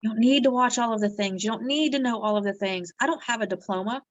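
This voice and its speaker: A woman's voice: on the high side, fast, dry recording. Earnest woman giving a motivational talk, dull lo-fi sound. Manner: earnest, heartfelt, often ends with "right?". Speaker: direct-sales team leader. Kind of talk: motivational live video talk. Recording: dull lo-fi audio.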